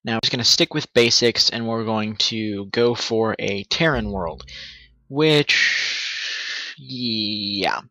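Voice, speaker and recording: Casual male let's-player, bright tense voice, rambling self-corrections. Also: lowish voice, takes it slowly, no room sound, low-quality recording. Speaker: gamer commentating a playthrough. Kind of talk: casual game commentary.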